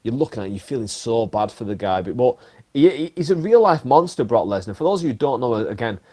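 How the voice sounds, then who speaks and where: Male podcast host, animated and emphatic, mid-pitched. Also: fast talker, breathy edge. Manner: animated storyteller with emphatic swearing. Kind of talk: casual chat.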